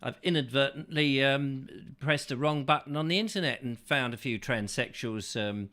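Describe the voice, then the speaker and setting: A man's voice: medium pitch, normal speed, sharp tone. A man hosting a casual chat show, reading viewer comments and rambling with jokes and asides. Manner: rambling, joking, full of asides. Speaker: host.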